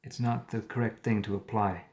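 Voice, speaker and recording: On a live stream, a man reads old biblical text in a low, darkish voice with a flat delivery. At intervals he stops to paraphrase words and offer his own comments.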